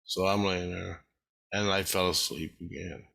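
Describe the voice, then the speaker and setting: A man's voice: low voice, fairly even intonation, unhurried, vocal fry, pushed and bright. A man telling a rambling, repetitive personal story, with frequent swearing.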